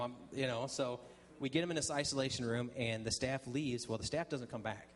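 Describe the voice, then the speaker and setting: A man's voice: mid-range voice, a little fast. A man sharing his testimony at a church, telling a story conversationally with frequent ums and restarts and acting out the dialogue. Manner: acts out dialogue in quoted voices. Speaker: guest speaker sharing testimony.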